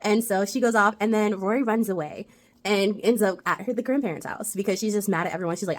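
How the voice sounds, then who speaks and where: A woman's voice: medium pitch, expressive, fast talker. A woman giving a casual, chatty recap of a TV episode, retelling it with lots of "like" fillers. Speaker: TV rewatch reviewer.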